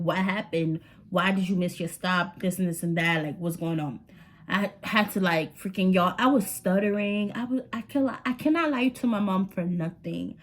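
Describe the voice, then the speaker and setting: A young woman telling an animated storytime vlog, slangy and talking straight to her viewers. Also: mid-range voice. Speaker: vlogger. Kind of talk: storytime vlog, casual chat.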